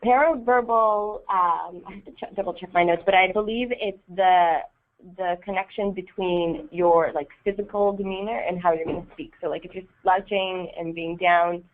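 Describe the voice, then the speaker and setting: A woman's voice: lowish voice, fairly even intonation, normal speed. A woman leading a volunteer training session in a casual way, with many ums and a frequent "right?". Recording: tinny phone-like audio.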